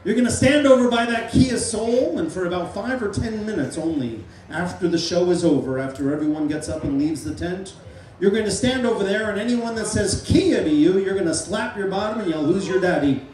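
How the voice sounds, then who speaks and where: A middle-aged man working as a stage hypnotist at a live comedy show, playfully giving loud, repeated suggestions to volunteers. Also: high-pitched, animated, a little fast, slight background noise. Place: large fair tent. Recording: echoey tent, mic heard from far.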